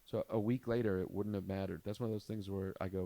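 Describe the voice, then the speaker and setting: A man's voice: low voice, quick pace, vocal fry. A young adult man, a comedian hosting a podcast, telling a rambling story in casual chat and acting out the people in it. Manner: rambling, animated storyteller who acts out quotes.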